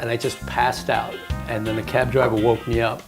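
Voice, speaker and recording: Animated male storyteller over music. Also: mid-range voice, normal speed. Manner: animated, laughing storyteller, acts out voices. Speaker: comedian telling a story. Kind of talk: casual storytelling chat.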